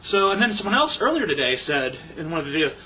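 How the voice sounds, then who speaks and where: Young man, rambling profane rant, sarcastic, lively swooping pitch, bright voice. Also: quick pace, a little hiss or hum. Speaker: vlogger.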